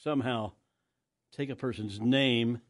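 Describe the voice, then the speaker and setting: A man's voice: mid-range voice, fairly even intonation, measured pace. Rambling older male radio host. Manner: rambling, self-interrupting storyteller who laughs easily. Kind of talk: casual radio banter. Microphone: studio microphone.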